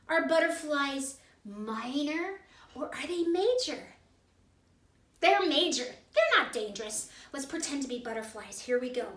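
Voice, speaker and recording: A woman leading a preschool music class in an animated, sing-song way for young children. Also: sits high, a little slow, distant mic. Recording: echoey room, voice from off-mic, music behind.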